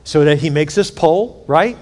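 A man preaching a sermon, telling a story in a lively way and acting out each character's lines himself. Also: a little high, normal speed, big-room sound. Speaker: pastor.

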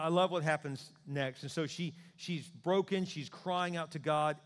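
Animated preacher in a reverberant hall. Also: male voice, fairly high pitch. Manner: animated preaching, acting out voices of God and people praying. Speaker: pastor. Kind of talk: sermon.

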